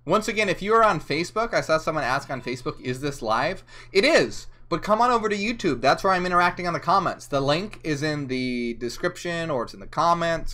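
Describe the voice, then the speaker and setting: A man's voice: a little high, expressive, fairly quick, few pauses, sharp tone. A drunk man hosting a livestream, slurring and giggling as he rambles and reads out viewer comments. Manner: giggly, slurring, easily flustered. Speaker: livestream host. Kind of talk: rambling live chat, reading out viewer comments. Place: indoors, chilly room.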